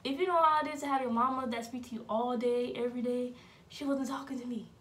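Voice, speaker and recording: Casting: young woman, high voice, animated casual storyteller, faint room ambience. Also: fast talker, slight background noise. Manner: animated, dramatic, laughing retelling.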